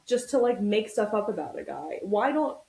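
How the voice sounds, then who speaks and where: A woman's voice: mid-range voice, sing-song, normal speed, creaky, dark tone. A woman co-hosts a podcast in a mid-range voice, working through her points thoughtfully and often agreeing. The sound is roomy, with echo around her. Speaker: podcast co-host. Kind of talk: casual podcast chat.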